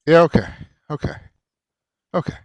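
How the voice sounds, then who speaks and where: A man voicing a huge, burly corporal who speaks softly and reassuringly, with some stammering. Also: normal speed, no room sound, muffled recording, natural voice. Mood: gentle.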